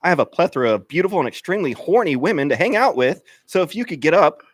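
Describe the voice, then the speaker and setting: A man's voice: a little high, very animated, fast, dry recording, clean studio sound. Man playing clingy needy teenage boy Steve. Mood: sing-song. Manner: whiny, overeager, sing-song. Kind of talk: comedic radio skit acting.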